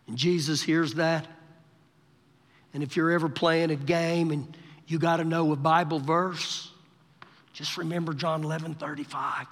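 A male pastor delivering a live sermon, his voice pitched high and ringing bright. He talks in an animated way, acting out scripture quotes with shifting voices. The recording carries a long reverb from the church hall. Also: moderate pace. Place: church sanctuary during a service.

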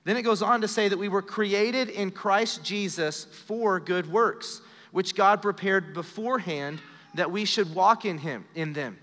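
A man in his thirties preaching a live sermon in a church, earnest and direct, dropping to a soft hush when he tells personal stories. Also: sits high, a little slow, in a large hall. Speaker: pastor. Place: church sanctuary during a live service.

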